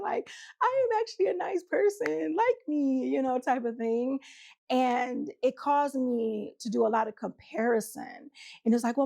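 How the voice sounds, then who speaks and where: A woman's voice: fairly high pitch, creaky, a little mellow. Chatty woman with a country twang. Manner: chatty, laughs often, acts out quotes. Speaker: relationship coach. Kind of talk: casual monologue to camera.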